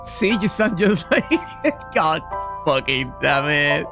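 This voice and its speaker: A woman's voice: low voice, very animated, slow pace, over music. Joking, cursing woman game streamer. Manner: profane, joking, laughs often. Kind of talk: casual gameplay commentary.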